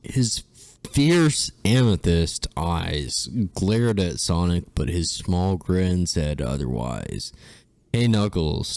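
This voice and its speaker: A man's voice: low-pitched, darkish tone, no room sound. A man co-hosting a comedy show, reading fan fiction aloud and stumbling over the text. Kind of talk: comedic read-through.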